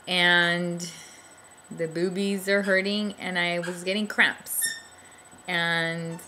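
Bright, chatty young woman vlogger. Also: on the low side, a little hiss or hum. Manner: chatty and rambling, many fillers, restarts and little laughs. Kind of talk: casual personal storytelling to camera.

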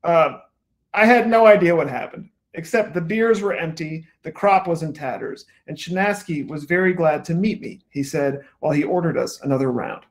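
A man's voice: a little high, normal speed. A male author reading from his own book at a bookstore event, adding wry asides. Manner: wry asides between read passages.

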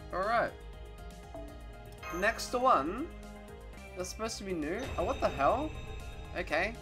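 A man reacting to gacha game pulls, excitable, swearing a lot and pleading with the game. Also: high-pitched, takes it slowly, over music. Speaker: gaming content creator.

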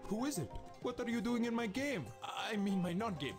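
An actor voicing a prim, easily alarmed game program. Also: male voice, high voice, animated, normal speed, music in the background. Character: anxious, touchy game program, male.

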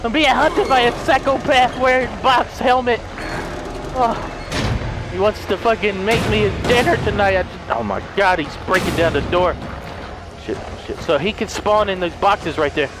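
A man giving frantic gaming commentary, swearing and yelling in panic, repeating himself as he plays. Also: high-pitched, steady tone, normal speed, noisy background. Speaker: video game let's player. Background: game music.

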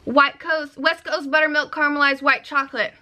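High, bright-voiced sassy woman. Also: a little fast. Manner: sassy, excitable, swears freely. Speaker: vlogger opening fan mail. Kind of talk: casual chat to camera.

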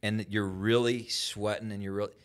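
A man's voice: fairly low pitch, little pitch movement, moderate pace. A man hosting a church talk show as pastor, telling stories in a folksy, encouraging way. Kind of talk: casual chat.

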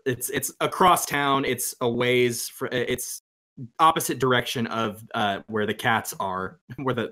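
A man's voice: mid-range voice, bright, forceful tone. A man narrating a tabletop game as game master, talking casually and hesitantly and laughing often.

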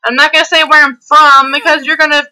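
This fast-talking woman has a high, pushed, bright voice with a level tone, heard on a low-quality recording. As host of a gameplay video she chats hyperly while playing, laughs often, and at times slips into a country twang.

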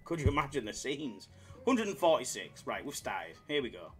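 A man's voice: medium pitch, very animated, normal speed, faint music behind. A man streaming slots live, bantering with chat in a jokey, hyped-up way. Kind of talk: casual live-stream chatter.

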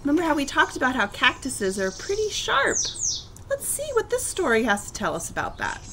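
A woman teacher reading a picture book aloud to children in her backyard, with slow, expressive storytelling and asides to her listeners. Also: sits high, a little hiss or hum. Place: backyard outdoors.

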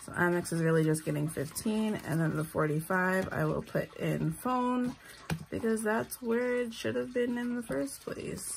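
A woman's voice: mid-range voice, fairly even intonation, moderate pace, creaky, slight background noise. A tired woman, talking casually while counting out cash for her budget and making self-deprecating asides. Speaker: budgeting vlogger, single mother.

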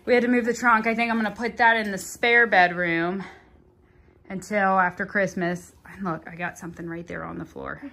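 A woman's voice: mid-range voice, fairly even intonation, moderate pace, bright, forceful tone. Chatty Southern woman vlogging at home. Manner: chatty, self-deprecating, plain-spoken. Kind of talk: casual home vlog. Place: living room at home.

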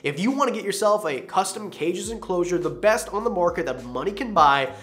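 A man's voice: sits high, expressive, brisk, fairly bright tone, soft background music. A young man hosting a reptile channel, talking casually and enthusiastically in a rambling way. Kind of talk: casual vlog talk.

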